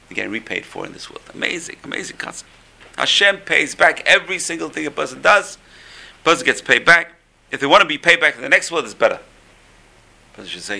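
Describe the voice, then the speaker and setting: A man's voice: mid-range voice, sing-song, brisk, creaky, bright, forceful tone. A man giving a storytelling religious class, repeating phrases for emphasis.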